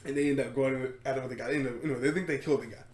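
A man hosting a podcast, retelling a story in casual chat, animated and laughing, with lots of fillers and swearing. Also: medium pitch, very fast, reverberant. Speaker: podcast host.

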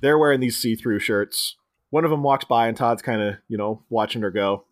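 A man's voice: mid-range voice, moderate pace, no echo, clean studio sound. A man co-hosting a podcast, casually recapping a film and acting out quoted lines along the way. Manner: animated retelling, jumping into quoted voices. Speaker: podcast co-host.

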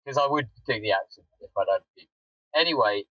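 Male fan guest, tense bright tone, self-deprecating, dull dry remote audio. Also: medium pitch, expressive, a little fast, no room sound. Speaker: football fan pundit. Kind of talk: casual football chat.

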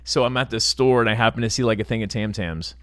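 A man's voice: lowish voice, fast, fairly bright tone, no echo, clean studio sound. A man co-hosting a podcast in casual chat, telling rambling anecdotes and laughing easily. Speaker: podcast co-host.

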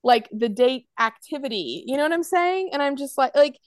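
A woman's voice: high voice, lively intonation, normal speed, no room sound. A woman with an American accent, a podcast co-host in casual chat, rambling with lots of "like" and acting out quotes. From United States. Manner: rambling, heavy use of "like", acts out quotes.

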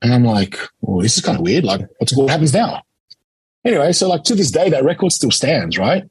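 Husky-voiced Australian man telling stories. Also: mid-range voice, a little fast, no room sound, poor audio. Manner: animated anecdote-telling, acts out quotes. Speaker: interview guest, competitive eater. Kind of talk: casual storytelling.

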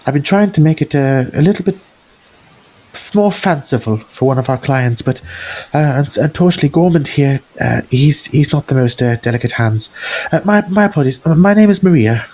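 A man voicing a nervous, eager wiry woman blacksmith in a tabletop game, stammering in a high, fluttery voice. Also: animated, fairly quick, darkish tone. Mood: flustered, eager. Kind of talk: tabletop role-play character voice.

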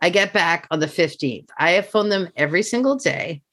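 A woman, a comedian guest on a casual podcast, telling a story in an animated, profane way. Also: lowish voice, brisk.

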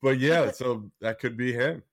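Relaxed man guest, short replies. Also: mid-range voice, a little slow, dry recording, clean studio sound. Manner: relaxed, brief replies, laughs easily. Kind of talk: casual conversation.

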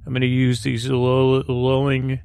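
A man hosting a bedtime podcast, rambling through a meandering intro in a soft, drowsy, creaky voice. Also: medium pitch, steady tone, unhurried, slight background noise. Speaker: podcast host.

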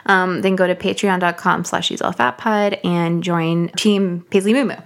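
Playful woman co-host with vocal fry. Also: lowish voice, fairly even intonation, moderate pace. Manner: playful, teasing. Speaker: podcast co-host. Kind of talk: casual podcast chat.

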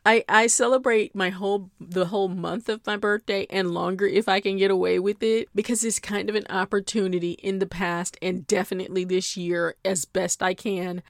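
A woman's voice: medium pitch, dry recording. Chatty woman podcast host, dry sound. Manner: chatty, laughs often, playful asides. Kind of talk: casual chat.

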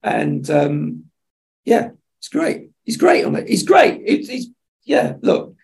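Animated man telling stories. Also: sits high, slow, creaky. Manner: animated storyteller acting out dialogue. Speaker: television executive, podcast guest. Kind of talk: anecdotal interview chat.

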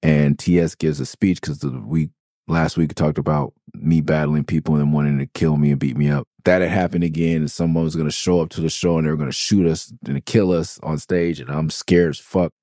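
In a rumbling low, mellow voice with a steady tone, a podcast host from Los Angeles briskly tells meandering, profane tales of his music beginnings, frequently correcting himself. The sound is studio quality with no echo.

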